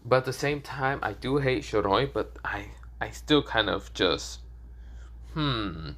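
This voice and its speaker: A man's voice: mid-range voice, animated, slow, a bit bright. A man voicing a teasing, foul-mouthed young female ninja with a whiny, mocking tone.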